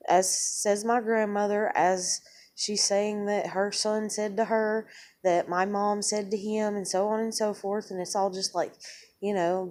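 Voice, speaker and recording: A woman's voice: medium pitch, darkish tone. A young adult woman telling a long, rambling personal story in a casual way, swearing a lot and acting out what she said to people. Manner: rambling, swears often, tells events through quoted speech.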